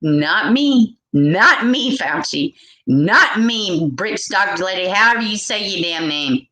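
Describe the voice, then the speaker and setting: A woman's voice: mid-range voice, animated, slow pace, bright, forceful tone. Profane, ranting woman vlogger. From United States. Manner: exasperated, profane, repetitive ranting. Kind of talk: ranting commentary to camera. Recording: echoey room.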